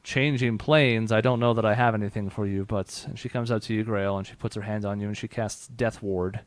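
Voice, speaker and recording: A man's voice: fairly low pitch, fairly even intonation, brisk, no room sound. A man narrating as game master of a tabletop role-playing game, reading spell rules aloud and voicing characters, laughing between lines.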